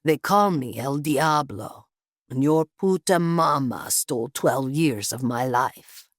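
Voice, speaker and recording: A woman voicing a menacing middle-aged male gang boss in an audiobook, with a gravelly Puerto Rican accent and a slow growl. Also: very deep voice, lively intonation, dry recording, studio quality, full character voice. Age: 40s.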